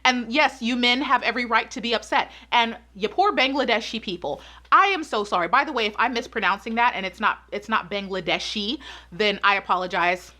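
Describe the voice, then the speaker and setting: Brief: woman, vlog commentator, higher pitch, bright and forceful, hammers points home by repeating them. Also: fairly quick. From United States. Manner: emphatic, repeats points for stress, gets worked up. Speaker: pageant commentary YouTuber.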